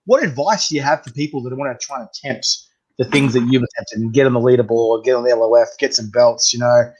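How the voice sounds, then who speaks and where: A man's voice: medium pitch, fast talker, darkish tone, husky. Chatty man hosting, lo-fi sound. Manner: chatty, laughs often, acts out quoted voices. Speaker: podcast host. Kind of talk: casual interview chat. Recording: slightly dull, lo-fi sound.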